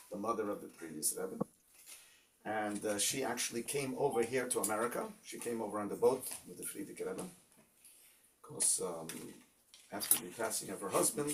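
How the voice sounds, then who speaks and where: A man's voice: medium pitch, vocal fry. A man teaching an informal Torah class as a rabbi, telling stories in a conversational way with many fillers and Hebrew terms. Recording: distant mic with faint noise.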